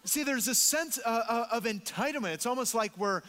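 A man's voice: very high voice, expressive, a little fast, bright, forceful tone, big-room sound. A man preaching a sermon in a church, emphatic, repeating words and acting out quotes. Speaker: pastor.

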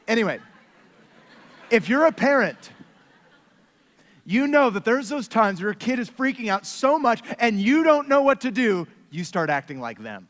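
A man's voice: very high-pitched, sing-song, a little slow, long pauses, a bit bright, in a large hall. A man in his thirties preaching a sermon as pastor, earnest and direct, with playful asides about his family.

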